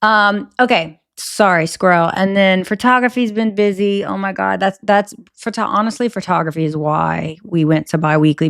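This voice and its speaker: A woman in her thirties hosting her own podcast, chatting casually and rambling off on tangents. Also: lowish voice. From American South. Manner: chatty, rambling, self-interrupting. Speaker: podcast host. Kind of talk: casual solo podcast chat.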